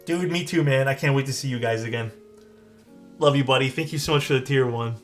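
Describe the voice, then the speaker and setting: A man's voice: medium pitch, brisk. A man with a Canadian accent chatting casually on a live stream, answering viewers' questions about keyboard parts. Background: faint music.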